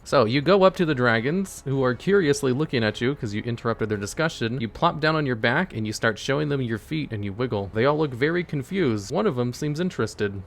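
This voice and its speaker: A man's voice: mid-range voice, expressive, a little fast, few pauses, a little hiss or hum. A man running a tabletop-style adventure as game master, narrating in a casual, joking, offhand way and talking to his chat.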